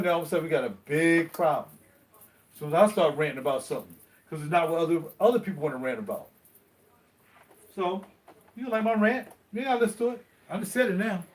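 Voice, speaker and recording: A middle-aged man, rambling in casual live-stream chat straight to his viewers while ironing. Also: sits high. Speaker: vlogger.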